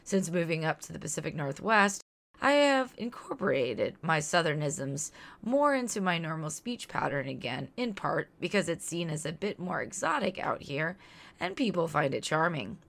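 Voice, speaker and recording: A woman's voice: low-pitched, big pitch swings, moderate pace, vocal fry, fairly bright tone. A woman in her thirties from Louisiana, reading a scripted podcast segment in an earnest, outspoken and reflective way. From Louisiana, near New Orleans. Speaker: podcast host.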